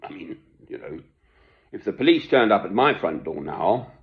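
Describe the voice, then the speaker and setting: A man's voice: fairly low pitch, very animated, moderate pace. An older man giving a rambling, chuckling monologue from home, self-deprecating and meandering. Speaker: online commentator. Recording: dull lo-fi recording.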